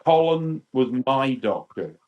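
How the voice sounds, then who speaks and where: A British man in his fifties, a podcast guest telling lively anecdotes and acting out quotes. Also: mid-range voice, slow, highs cut off. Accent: British English. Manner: animated, acts out quotes. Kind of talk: storytelling chat.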